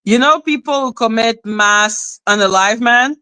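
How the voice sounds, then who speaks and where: High-voiced woman ranting on a live stream, slow and blunt, dry close mic. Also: bright, forceful tone, clean tone, no echo, low-quality recording. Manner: blunt, exasperated, repeats herself.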